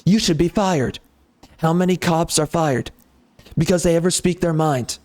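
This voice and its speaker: Sarcastic ranting man, slightly high voice. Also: normal speed, pauses often, darkish tone. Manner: sarcastic, heated, repetitive. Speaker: gaming channel host. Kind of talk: off-the-cuff rant over gameplay.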